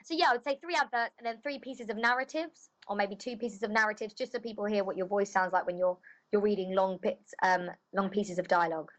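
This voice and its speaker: A woman's voice: medium pitch, fairly quick, low-quality recording. A woman voice actress chatting casually in an interview, loose and full of filler phrases. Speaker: voice actress guest.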